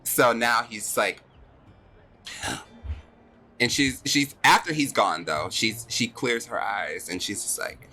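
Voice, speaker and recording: A man's voice: medium pitch, slow pace, long pauses, slight background noise. A man narrating a tabletop game as game master, chatty and laughing as he tells the scene. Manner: animated, laughing, chatty storytelling.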